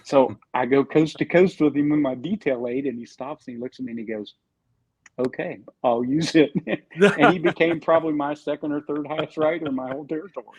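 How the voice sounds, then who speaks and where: Gravelly-voiced man telling a story. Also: fairly high pitch, a little fast, dry recording, muffled recording. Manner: animated storyteller, acts out quoted lines. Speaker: podcast co-host telling a sales story. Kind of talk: casual storytelling.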